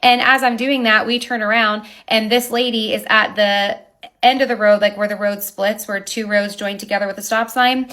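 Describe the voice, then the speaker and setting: Woman, venue owner, indignant retelling, tense bright voice, lively storytelling. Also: medium pitch, moderate pace. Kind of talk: recounting a neighbor dispute to camera.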